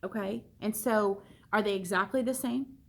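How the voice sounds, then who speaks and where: A woman's voice: medium pitch, normal speed, vocal fry. A woman art teacher leading a classroom discussion, asking questions and repeating students' answers back to them.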